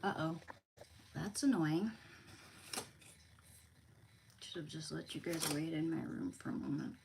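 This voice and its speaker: A woman livestreaming from her kitchen at home, cooing and whispering softly to her dog and chatting loosely with viewers. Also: low-pitched, moderate pace. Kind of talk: casual livestream chat. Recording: clear steady background noise.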